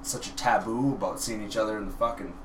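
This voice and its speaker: A man's voice: on the low side, fast, roomy sound, distant mic, a little hiss or hum. A man co-hosting a casual movie podcast, chatty and laughing, sharing film trivia. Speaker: podcast co-host.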